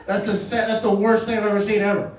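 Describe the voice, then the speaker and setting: A man's voice: high-pitched, level tone, fast, reverberant, distant mic, low-quality recording. A man performing a stand-up comedy set in a club, rambling and profane and laughing at his own jokes. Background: audience.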